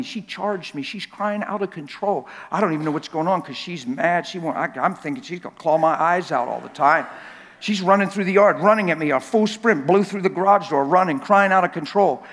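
A man preaching a sermon in a church, telling stories with lots of repetition and sometimes building up to a shout. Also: high-pitched, big-room sound. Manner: animated, repetitive storytelling that swells to shouting. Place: church sanctuary.

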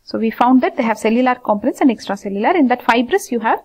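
A woman teaching anatomy in an informal lecture, repeating terms slowly and asking her students questions. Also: fairly high pitch, animated, husky.

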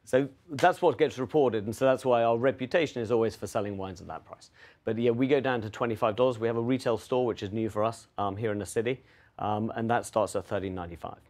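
A man's voice: lowish voice, a little mellow. A middle-aged English man with an English accent, answering interview questions in a friendly, self-deprecating way. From England. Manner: friendly, self-deprecating, quick with small restarts. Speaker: wine auction executive, guest.

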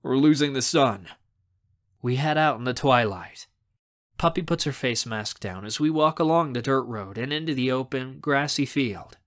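A man narrating a young adult novel in the first person, expressive and acting out the scenes. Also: medium pitch, moderate pace. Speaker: audiobook narrator.

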